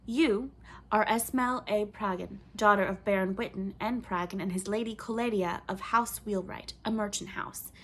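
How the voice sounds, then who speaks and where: A spirited young noble girl speaks up with firm pride and a teasing streak, voiced by a woman reading aloud. The storybook voice stays close to the reader's own, just a touch brighter and higher. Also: fairly even intonation, moderate pace. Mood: haughty. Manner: firm, proud, playful.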